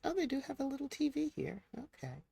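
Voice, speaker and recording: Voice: sits high, very animated, fairly quick, gravelly, mellow. A game streamer chatting casually through a live stream, talking to the characters on screen as they play. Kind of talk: casual live-stream commentary while playing.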